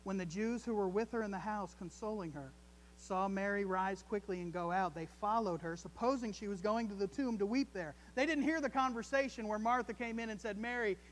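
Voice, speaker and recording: A male pastor preaching a sermon, reading scripture aloud, with dramatic rises and soft drops. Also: sits high. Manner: reads scripture aloud and repeats words.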